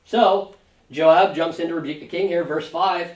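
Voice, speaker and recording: A pastor leading a Sunday school Bible study, talking conversationally and often checking in with a quick "right?". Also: male voice, fairly high pitch. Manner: conversational, fond of tag question "right?"; animated when paraphrasing scripture figures. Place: church classroom. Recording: roomy church room, mic at a distance.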